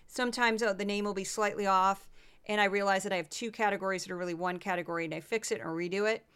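A woman's voice: medium pitch, fairly even intonation, fast, a bit bright, clean tone. A tired woman hosting a solo podcast, chatting through statistics with self-deprecating asides. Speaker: podcast host. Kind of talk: casual solo podcast commentary.

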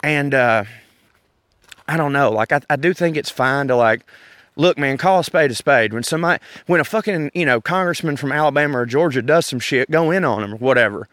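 A man's voice: mid-range voice, brisk, no echo. A middle-aged man with a Southern US accent, ranting casually and profanely outdoors in a park as a podcast host. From Southern United States. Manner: profane, animated, rambling. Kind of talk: casual rant.

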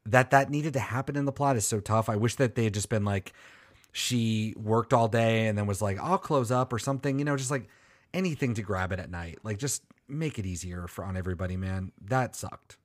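Male podcast co-host, lower voice, dry studio read, rambling and joking. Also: a little fast, no echo. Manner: rambling, joking, swears freely. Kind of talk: casual chat.

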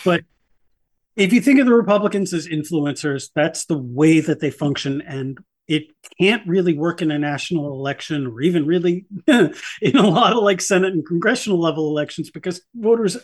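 A man's voice: fairly high pitch, normal speed. A man talking as a journalist guest on a podcast interview, wry and sardonic, laughing between points.

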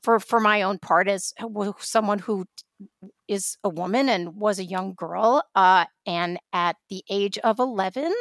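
A woman's voice: mid-range voice, measured pace, dry recording, clean studio sound. A woman from New York co-hosting a podcast, telling a personal story in casual conversation with lots of restarts. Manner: storytelling, animated, many restarts. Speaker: podcast co-host.

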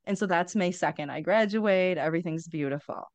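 A woman in her forties tells her own story with blunt candor and dry humor, cursing freely. Her voice sits low, and the sound is close and dry. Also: fairly quick, darkish tone, no echo. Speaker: podcast guest. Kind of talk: candid personal storytelling.

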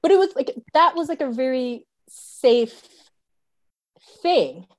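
A young woman, a stand-up comedian telling a story in casual chat, animated, full of fillers and swearing. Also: high-pitched, takes it slowly. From New York City.

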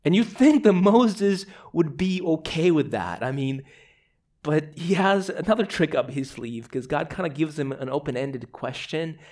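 Preacher, male, from Moldova, chatty sermon delivery, voice sits a bit high. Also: expressive, a little slow, a little mellow. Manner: conversational, repeats words, casual asides.

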